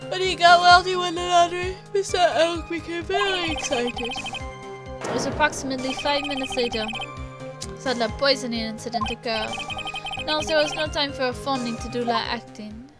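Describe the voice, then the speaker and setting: A woman voicing a flamboyant male French chef with a put-on French accent, speaking theatrically over loud game music. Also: high-pitched, steady tone, moderate pace, voice pushed up, natural voice. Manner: theatrical, gushing.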